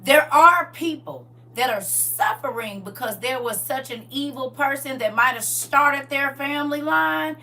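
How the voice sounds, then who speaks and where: A woman's voice: high-pitched, a little slow, hardly any pauses, bright, forceful tone, recorded from a distance. A woman teaching a livestreamed Bible study, reading scripture aloud and talking to her viewers directly in a casual, preachy way.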